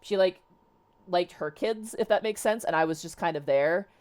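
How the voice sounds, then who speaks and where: A woman's voice: on the low side, normal speed, a little mellow. A young woman host telling a personal story in casual chat, rambling with many fillers and restarts. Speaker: streamer host.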